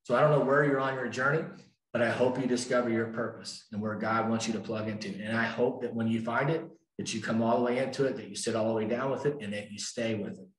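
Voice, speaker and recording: At a recovery meeting in an echoey room, an older man tells his story emphatically, talking fast with a medium pitch and fairly even intonation. He repeats key lines for effect.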